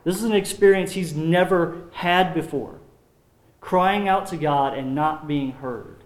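A man preaching a sermon as pastor, earnest and measured, often dropping his voice low on solemn points. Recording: roomy echo.

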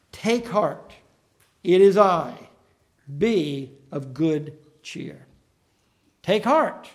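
A man preaching a sermon in an earnest, emphatic way, slowing down to stress key phrases. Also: fairly high pitch, darkish tone.

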